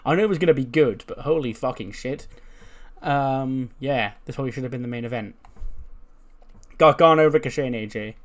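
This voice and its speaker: A man's voice: mid-range voice, fairly quick, a little mellow. A young man casually recapping a simulation game, chatty and swearing freely. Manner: chatty, swears, laughs at the results. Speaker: gaming channel host.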